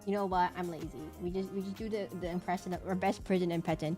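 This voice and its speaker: A woman's voice: on the low side, level tone, fast talker, hardly any pauses, warm tone, soft background music. A young woman VTuber chatting casually on a live stream while she draws, rambling playfully and repeating her words. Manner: rambling and playful, repeats words, hums and does silly bird noises.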